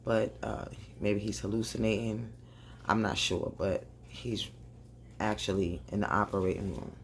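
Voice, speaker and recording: A woman doing a casual, animated recap of a TV episode, talking straight to her viewers and laughing often. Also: very deep voice, unhurried, vocal fry, a little hiss or hum. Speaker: TV recap vlogger. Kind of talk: casual chatty show recap.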